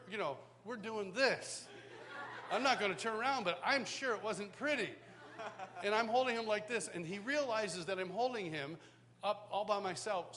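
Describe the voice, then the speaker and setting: A man teaching a worship school, telling a personal story in an animated way, acting out quotes and laughing often, in front of a live audience. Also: sits high. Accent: Canadian. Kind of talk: storytelling sermon. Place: large hall, live audience.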